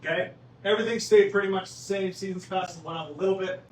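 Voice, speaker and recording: A man's voice: high-pitched, fairly even intonation, quick pace. A man presenting golf club updates at a town hall meeting, casual and joking with the audience. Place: meeting room. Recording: echoey room, distant mic, faint noise.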